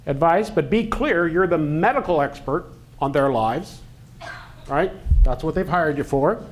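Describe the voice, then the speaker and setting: A man, a physician, presenting a medical education talk to clinicians in a joking, halting way with fillers. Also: a little high, animated.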